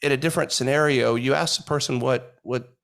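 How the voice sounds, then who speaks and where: A man's voice: mid-range voice, steady tone, a little fast, creaky, fairly bright tone. A man co-hosting a podcast, speaking thoughtfully and reflectively with frequent restarts. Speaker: podcast co-host. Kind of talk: casual podcast conversation.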